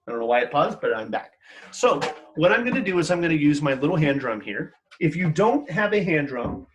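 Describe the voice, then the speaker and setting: A male music teacher leading an online lesson for children, upbeat and encouraging. His pitch leaps and dips with lively energy as he counts the class in and chants rhythm syllables with them, speaking into a computer mic. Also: a little hiss or hum.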